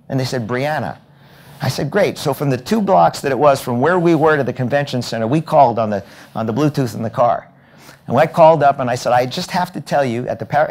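A man giving a storytelling keynote talk at a hotel event, acting out the lines of each person in his anecdotes. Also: mid-range voice. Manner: animated, acts out dialogue in anecdotes. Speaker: keynote speaker.

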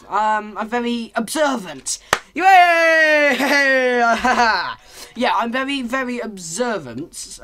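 A British man commentating his own video game play, rambling and hesitant, breaking into excited yelps. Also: sits high, a little hiss or hum. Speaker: gaming channel host.

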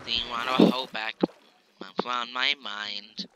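A man's voice: medium pitch, steady tone, takes it slowly, bright, forceful tone, slight background noise, poor audio. A man chatting casually while playing a game, joking and mumbling, often dropping into whispers. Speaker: gamer. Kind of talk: casual gameplay chat.

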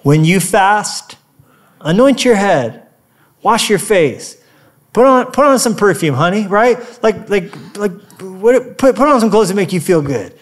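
A man preaching a sermon as a pastor, energetic and playful, with quick asides and calls to the congregation. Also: high-pitched. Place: church auditorium.

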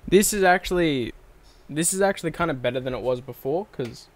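A man's voice: fairly high pitch, animated, a little fast. A young man, talking casually to his channel from his bedroom desk setup. He rambles, swears freely and corrects himself as he goes. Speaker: channel host. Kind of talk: casual vlog monologue. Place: bedroom recording setup at home. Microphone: microphone on a stand at his desk.

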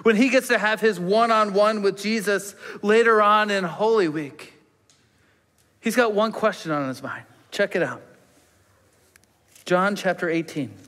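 A man preaching a sermon with emphatic rises that drop to a hushed near-whisper on key words. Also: sits high, measured pace, long pauses. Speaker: pastor. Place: church sanctuary. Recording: long church reverb.

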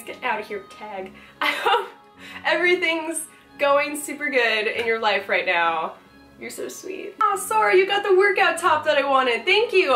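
A woman vlogger opening fan mail at home, gushing and excitable, swearing casually, recorded with roomy echo. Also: sits high. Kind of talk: casual chat.

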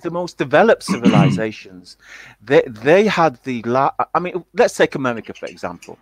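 A man in casual chat, talking haltingly with many fillers and restarts. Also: medium pitch, very animated, slightly rough, no room sound, low-quality recording.

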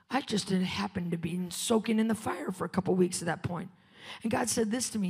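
A woman preacher giving a fiery sermon in a church, swinging between shouting and hushed whispers. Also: mid-range voice, lively intonation, fairly quick, creaky, slightly rough. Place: church sanctuary. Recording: long church-hall reverb.

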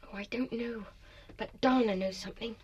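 A woman voicing a small, gentle wooden girl doll who speaks softly and breathily, often in a hushed whisper, in an animated series. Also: fairly high pitch, moderate pace, slightly rough. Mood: wistful.

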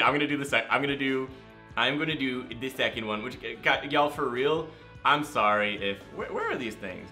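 A young man giving excited gameplay commentary, gushing and talking straight to his fans while very tired from little sleep. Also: mid-range voice, brisk, soft background music. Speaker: gaming YouTuber.

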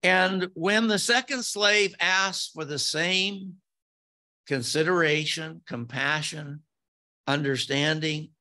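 A man preaching a sermon as pastor, slow and deliberate with emphatic rises on key words. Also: fairly high pitch, pushed and bright.

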